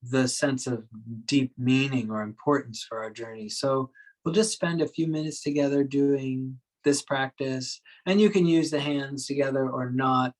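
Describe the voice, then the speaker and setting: Gentle, reflective male meditation teacher. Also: medium pitch, steady tone, moderate pace, rough recording. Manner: gentle and reflective, with soft laughs. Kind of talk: dharma talk to a workshop group.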